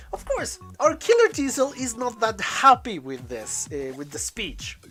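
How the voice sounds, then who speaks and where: A woman's voice: medium pitch, a bit bright. A woman giving a casual spoken review of an anime episode. She rambles in English as a second language, with loose grammar and many restarts.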